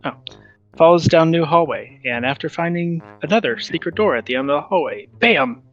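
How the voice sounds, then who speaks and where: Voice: mid-range voice, brisk. A player giving a playful, punchy recap of the last tabletop session, stressing beats for effect. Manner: punchy, repeats "bam" for effect. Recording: dull lo-fi audio with faint music.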